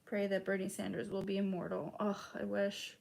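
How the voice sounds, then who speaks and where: A woman's voice: mid-range voice, monotone, normal speed, creaky, darkish tone, slight background noise. A young woman from Chicago chatting casually with her stream's chat, full of "like" and casual swearing. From Chicago, United States.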